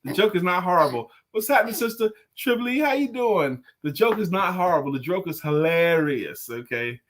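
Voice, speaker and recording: Male co-host, fairly high voice, playful and jokey, live-stream talk. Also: expressive, normal speed. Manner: playful, tells dad jokes and laughs loudly at them; greets viewers by name. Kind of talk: casual live-stream chat.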